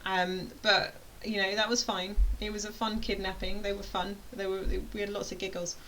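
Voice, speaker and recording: A woman's voice: medium pitch, little pitch movement, moderate pace, sharp tone, rough recording. British woman, online course tutor; rambling, playful, self-interrupting delivery with faint hiss behind her. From United Kingdom. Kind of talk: casual chatty explainer.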